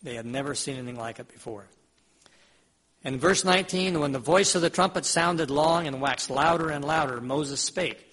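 Husky-voiced man preaching a sermon. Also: on the high side, normal speed, fairly bright tone. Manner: conversational, asks the audience questions; retells scripture in everyday words.

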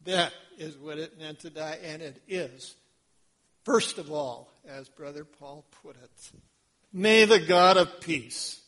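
Preaching as pastor, this man gives a slow, dramatic sermon that moves back and forth between quiet passages and loud ones. His voice is on the high side.

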